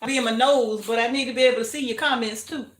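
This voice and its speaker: An older woman hosts a casual homestead livestream from her kitchen, where the room sounds echoey. Her voice is a little high with a steady tone, and she talks fast, chatting, greeting viewers, and laughing frequently.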